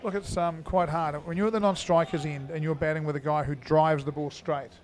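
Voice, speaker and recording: A man's voice: on the high side, steady tone, brisk. A middle-aged man giving live indoor cricket commentary, chatty and full of fillers as he thinks aloud.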